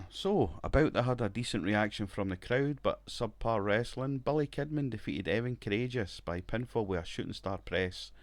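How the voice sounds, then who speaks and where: A man's voice: medium pitch, expressive, moderate pace, dry recording. A man casually commenting on his wrestling management game, rambling, swearing and laughing now and then. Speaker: gaming video creator.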